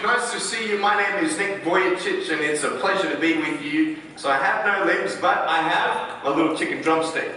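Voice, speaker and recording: A man's voice: on the high side, moderate pace, few pauses, distant mic. A man giving a motivational talk to an audience, playful and joking, often asking the crowd questions. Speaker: motivational speaker. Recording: clip played in an echoey hall, heard from afar with music.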